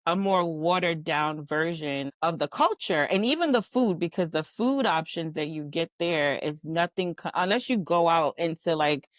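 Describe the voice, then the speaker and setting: A woman's voice: low voice, moderate pace, few pauses, no echo. A Jamaican-born woman guest with a light Jamaican accent, talking candidly and with animation in a casual conversation. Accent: light Jamaican, mostly North American. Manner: candid, animated storytelling with laughs.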